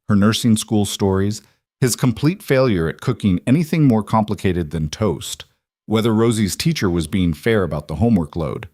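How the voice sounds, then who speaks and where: A man narrating a scripted drama story in an even, measured way. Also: fairly low pitch, dry recording, clean studio sound.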